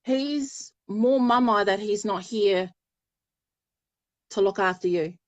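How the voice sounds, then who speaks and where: A woman's voice: medium pitch, slow pace, no room sound. A woman giving a live psychic reading, chatty and affectionate, often laughing. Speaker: spiritual medium.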